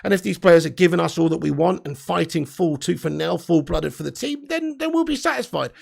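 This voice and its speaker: Gravelly, sweary lad ranting. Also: male voice, a little high, a little fast. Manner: blunt, sweary, excitable banter. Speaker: livestream host. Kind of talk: live fan chat reading comments.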